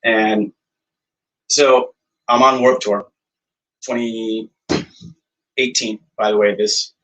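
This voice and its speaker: Animated man telling stories, slightly off-mic. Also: lowish voice, slow pace, far from the mic, poor audio. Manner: animated storyteller, acts out quoted dialogue, frequent fillers. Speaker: guest, songwriter and producer. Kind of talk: casual storytelling interview.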